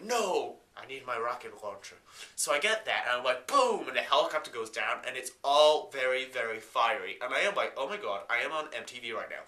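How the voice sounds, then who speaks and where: A man's voice: fairly high pitch, sharp tone, roomy sound. A man voicing a ditzy valley-girl woman who tells a wild car chase in breathless chatter full of "like" and "oh my God", in a comedy sketch.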